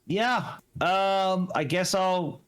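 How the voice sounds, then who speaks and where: A man's voice: sits high, very slow, clean tone. A man playing in a tabletop game, talking casually, swearing and thinking aloud about the rules. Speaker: player.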